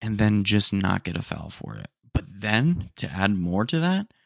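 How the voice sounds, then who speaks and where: Recording from his room while his roommates are around, a young man hosts a laid-back solo podcast in a fairly low, creaky voice with big pitch swings and a slightly slow pace. His slangy asides sound mock-outraged, and "dude" keeps coming up. The sound is clean studio audio with no room sound.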